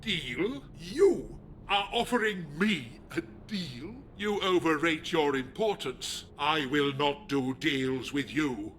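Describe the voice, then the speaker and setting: A man voicing a megalomaniac male leader of a druid order in a video game, talking in a slow, menacing, pompous way. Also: a little high, lively intonation, fairly bright tone, slight background noise. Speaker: game villain.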